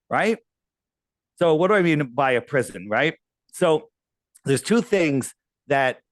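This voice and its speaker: A podcast guest, a man with a medium-pitched voice, is interviewed with no echo on the recording. He talks casually, spinning a long, rambling story with quoted asides.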